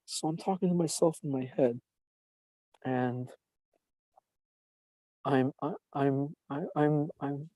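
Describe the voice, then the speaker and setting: A man with a slightly high but very dark, mellow voice, talking casually and profanely in a rambling way. He acts out the voices in his own story. The sound is dry and close. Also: slow pace, long pauses, no echo, low-quality recording. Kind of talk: casual podcast chat, telling a dream story.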